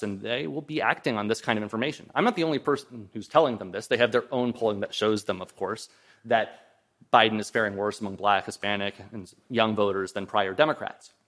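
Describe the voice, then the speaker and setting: Speaking at normal speed, this man has a somewhat low, slightly bright voice. He's a guest lecturer in a lecture hall, answering questions from the audience with careful hedges, frequent restarts, and many "um"s, and at one point his voice is briefly strained.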